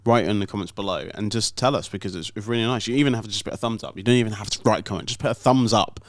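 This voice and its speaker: A man's voice: fairly low pitch, very fast, dry recording, studio quality. A British man co-hosting a podcast, chatting casually with many small hesitations. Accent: British English. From Britain. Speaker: podcast co-host. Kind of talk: casual chat.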